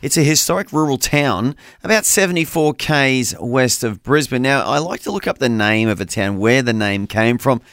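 An Australian man co-hosts a breakfast radio show in casual, teasing banter. His voice sits at an ordinary middle pitch. It is recorded on a close studio microphone with a very dry sound. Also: lively intonation, moderate pace, few pauses, fairly bright tone, no room sound. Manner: chatty, teasing, upbeat.

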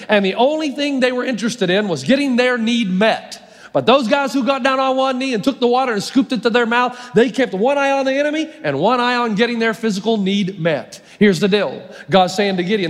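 A man's voice: very high voice, brisk. A male pastor preaching a sermon, storytelling and emphatic, with long hall reverb. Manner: storytelling, emphatic, varies his pace.

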